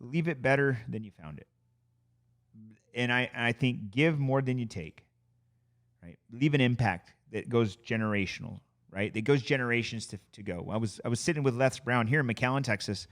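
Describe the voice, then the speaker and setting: A man who is a guest on a podcast, chatting casually in a studio, an animated storyteller who swears freely. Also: mid-range voice, a little fast.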